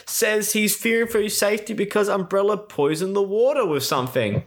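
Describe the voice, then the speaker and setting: A man's voice: sits high, fairly quick, voice pushed up, close to an everyday voice. A man voicing an earnest, insistent young woman as a mocking quote in a casual movie recap. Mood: pleading.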